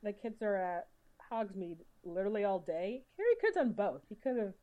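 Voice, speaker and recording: A woman's voice: mid-range voice, sing-song, brisk, narrow, tinny audio. A woman co-hosting a podcast in casual chat, swearing freely and laughing often. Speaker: podcast co-host.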